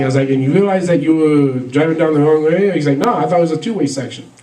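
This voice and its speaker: A man's voice: fairly high pitch, fast talker, mellow, roomy sound, distant mic, low-quality recording. A man doing a stand-up comedy set, rambling through stories with lots of fillers and laughs at his own jokes. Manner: rambling, filler-heavy storytelling with frequent laughs.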